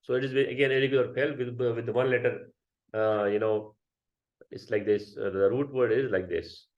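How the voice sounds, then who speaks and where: A man's voice: mid-range voice, fairly even intonation, normal speed. A man teaching a grammar class, explaining step by step and often checking with students. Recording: dull lo-fi sound.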